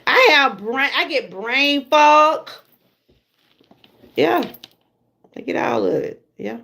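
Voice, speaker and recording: A woman's voice: high voice, takes it slowly, vocal fry, bright, forceful tone. Chatty Southern woman livestreaming. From Georgia, USA. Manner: chatty, laughs often, talks straight to viewers. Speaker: livestream host. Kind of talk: casual livestream chat.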